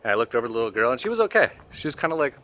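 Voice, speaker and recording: A man casually telling a personal story, emotional and halting, often laughing softly and filling pauses with "like" and "uh.". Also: mid-range voice, sing-song. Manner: emotional and halting, laughs softly between phrases, many fillers. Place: home in Mexico.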